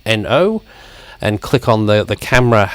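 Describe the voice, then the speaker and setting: A man's voice: lowish voice, animated, normal speed, no echo. A man hosting a live-stream interview, friendly and rambling with frequent hesitations. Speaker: live-stream show host. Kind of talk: casual interview chat.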